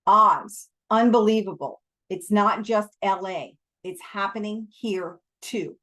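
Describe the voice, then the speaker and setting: Brief: woman reading as a burly lion man, panicky and emphatic, slow deliberate delivery. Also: mid-range voice, fairly bright tone. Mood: urgent. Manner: urgent, emphatic.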